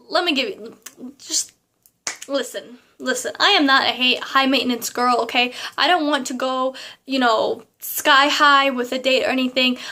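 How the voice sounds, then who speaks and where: A young woman, telling a story to camera in a casual, animated way full of fillers and asides. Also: high-pitched. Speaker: vlogger.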